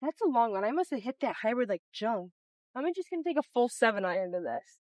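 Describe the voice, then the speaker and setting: A woman's voice: a little high, very animated, fast, a little mellow, no room sound, low-quality recording. Chatty young woman golfing outdoors. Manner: chatty, talks to herself over shots. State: out of breath from running between shots. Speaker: golf vlogger. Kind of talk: casual self-narrated golf vlog. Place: outdoor golf course at dusk.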